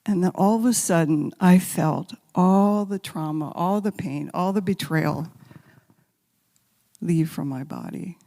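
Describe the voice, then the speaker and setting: A woman giving a spiritual talk as guest speaker, telling stories gently and sometimes dropping to a soft whisper, then leading a guided meditation. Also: fairly low pitch, unhurried, vocal fry. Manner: gentle, intimate storytelling, drops to soft whispers. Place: large sanctuary. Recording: long hall reverb.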